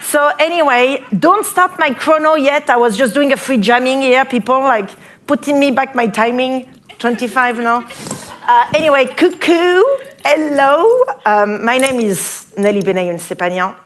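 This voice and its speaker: A woman's voice: sits high, normal speed, fairly bright tone. A woman with a French accent giving a playful, chatty talk to a live audience, full of fillers and restarts. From France. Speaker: speaker at an event. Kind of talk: conference talk. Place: event hall before a live audience.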